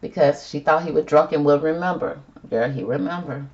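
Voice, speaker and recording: A woman's voice: sits low, fairly quick, a little mellow, dull audio. A woman doing a casual tarot reading, chatty and sassy, calling viewers girl and y'all. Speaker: tarot reader.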